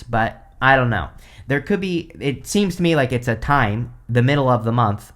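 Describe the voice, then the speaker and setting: A man talks through a tarot spread in a loose, rambling way, tripping over his words and circling back. His voice sits in a middle pitch, and he sounds tired, as though he is holding back yawns. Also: fairly bright tone. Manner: rambling, many fillers and restarts. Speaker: tarot reader. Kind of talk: casual tarot reading to camera.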